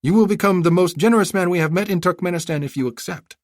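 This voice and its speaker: A respectful, clever young girl, as a male audiobook narrator puts her on, raised well above his natural pitch and measured in her politeness. The recording is close and dry. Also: dry recording, lightly acted. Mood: polite. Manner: polite, careful.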